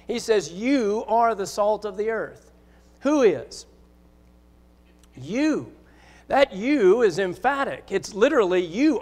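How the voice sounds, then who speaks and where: A man preaching a sermon in a church, earnest and emphatic, hammering home key phrases by repeating them. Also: high voice. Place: church sanctuary. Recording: church hall reverb.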